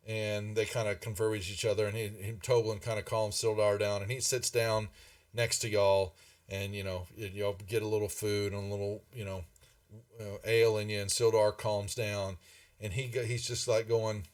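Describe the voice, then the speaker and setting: A man's voice: on the low side, little pitch movement, normal speed, distant mic. A man narrating a tabletop game as game master in a rambling, filler-heavy way.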